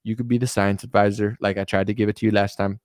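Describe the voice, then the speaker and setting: A boastful, rambling older male politician, as a man puts him on, who brags loudly and repeats himself in a sing-song way. The voice is smooth, and the recording is dry and close. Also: fairly low pitch, little pitch movement, quick pace, no room sound, pitched below the performer's own voice, natural voice. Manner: repetitive, loud, bragging sing-song delivery.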